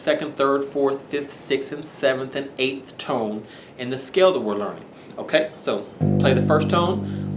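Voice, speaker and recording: A man teaching bass guitar, patiently counting out scale tones as he plays. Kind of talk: instructional lesson. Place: room with bass guitar playing. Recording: roomy echo with bass guitar playing.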